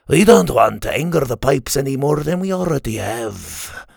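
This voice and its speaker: A man's voice: medium pitch, sing-song, moderate pace, creaky, darkish tone, breathy edge, no echo, studio quality, heavily acted. Man putting on a old fisherman. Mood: ominous. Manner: ominous, warning tone. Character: gruff old Scottish fisherman, warning.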